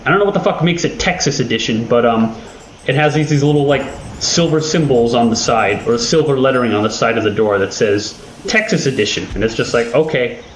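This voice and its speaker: A man's voice: medium pitch, expressive, brisk, reverberant, slight background noise, rough recording. A man hosting his own channel, chatting casually and rambling with lots of swearing and self-deprecating jokes. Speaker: video host. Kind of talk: casual rambling chat over gameplay.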